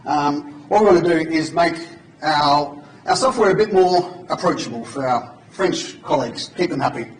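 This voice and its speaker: At a conference, a man with a fairly high voice gives an informal, joking live coding demo to an audience in a large hall, speaking at a moderate pace. The recording is echoey and captured from far off.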